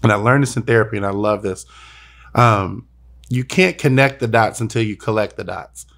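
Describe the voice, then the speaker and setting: A man's voice: fairly low pitch, normal speed, vocal fry, a bit bright. A young adult man hosting a podcast, talking earnestly and emotionally, often repeating words as he searches for them. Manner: earnest, repeats himself when moved. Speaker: podcast host. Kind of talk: emotional personal conversation.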